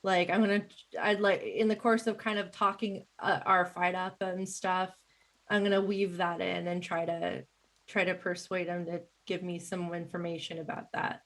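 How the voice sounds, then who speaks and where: A woman's voice: lowish voice, level tone, moderate pace, a bit bright. A woman playing a tabletop game, chatty and thinking aloud as she plans her moves and reads out her rolls. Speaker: player. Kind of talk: casual tabletop play.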